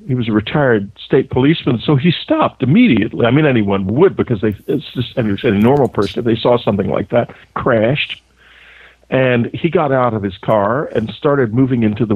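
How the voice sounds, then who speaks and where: A male author, a guest on a radio show, recounting events in a halting way, searching for words. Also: medium pitch, husky, no room sound. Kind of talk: phone interview, personal recollection. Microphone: telephone. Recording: tinny phone line.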